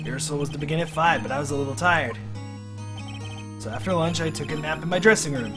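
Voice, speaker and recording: A streamer voicing a gentle, earnest male TV actor, reading game dialogue aloud on a stream. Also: medium pitch, quick pace, natural voice. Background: game music.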